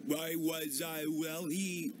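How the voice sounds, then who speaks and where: A man voicing a bumbling, hotheaded young male race car in a low-budget animated film, with loud music behind him. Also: slow. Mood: flustered. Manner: stammering, flustered. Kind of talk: cartoon voice acting.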